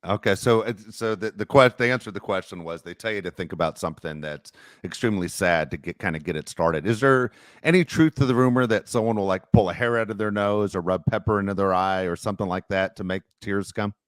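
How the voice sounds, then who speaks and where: A man's voice: lowish voice, fast talker, no room sound, clean studio sound. A middle-aged man hosting a podcast, telling self-deprecating stories with many restarts. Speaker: podcast host. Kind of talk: casual podcast chat.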